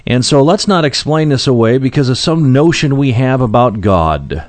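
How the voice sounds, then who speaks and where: A man's voice: medium pitch, expressive, normal speed, dry recording. Plain-spoken man teaching a sermon. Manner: plain-spoken, frequent fillers and restarts. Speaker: preacher. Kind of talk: conversational Bible teaching.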